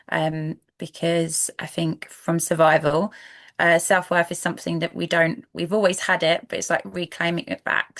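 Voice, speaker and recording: Soft-spoken woman with a Brighton accent. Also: on the low side, creaky. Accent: Brighton English. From England. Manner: soft-spoken, hesitant with many fillers. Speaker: guest, empowerment coach. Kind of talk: podcast interview.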